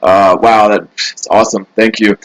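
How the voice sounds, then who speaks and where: A man's voice: on the low side, little pitch movement, unhurried, a bit bright, rough recording. A man hosting a casual live stream from a hotel room, rambling through the news with sarcastic asides. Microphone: laptop mic.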